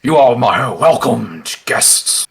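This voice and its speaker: A man's voice: medium pitch, expressive, vocal fry, slightly rough, full character voice. A man putting on a pompous hippo captain. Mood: gracious. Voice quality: pompous, slow and grand. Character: huge pompous male hippo ship captain.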